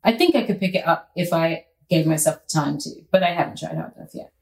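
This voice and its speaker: Woman interview guest, casual and playful, lowish voice, echoey room. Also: fast talker, creaky. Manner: playful, animated storytelling.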